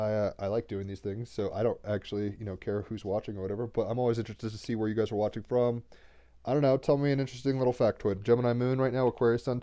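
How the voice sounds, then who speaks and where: A man's voice: medium pitch, dark tone, smooth. A man giving a casual spiritual card reading on a livestream, talking loosely and rambling with slang and restarts. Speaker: tarot card reader and podcast host.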